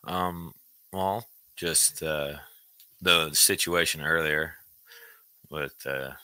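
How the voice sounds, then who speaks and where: A man with an extremely low voice that keeps a bright, forceful edge. He shares his day haltingly, leaning on fillers, in a recovery group. The sound is dry and close. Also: smooth, dry recording. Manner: hesitant, full of fillers. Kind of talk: casual sharing.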